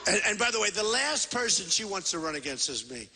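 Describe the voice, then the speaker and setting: A man's voice: high-pitched, big pitch swings, a little fast, noisy background. A man in his sixties giving a rambling, boastful, repetitive campaign rally speech into a podium microphone in a large convention hall. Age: 60s. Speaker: presidential candidate. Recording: reverberant hall PA sound.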